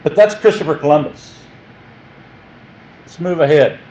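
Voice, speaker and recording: A man teaching a history class in a jokey, animated way, often quizzing his listeners. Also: on the high side, unhurried, lo-fi sound, a little hiss or hum.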